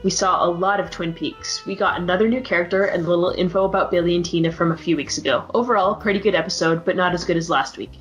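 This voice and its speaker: Brief: woman, lowish voice, reads listener mail plainly, music faint. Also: fairly even intonation, quick pace, hardly any pauses, low-quality recording. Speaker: podcast panelist. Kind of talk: reading listener mail aloud.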